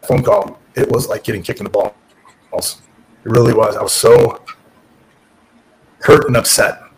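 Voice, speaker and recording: A man's voice: medium pitch, creaky, a little hiss or hum, low-quality recording. A middle-aged man, a former pro wrestler, candidly telling his career story in an interview, frank and profane, often restarting his sentences.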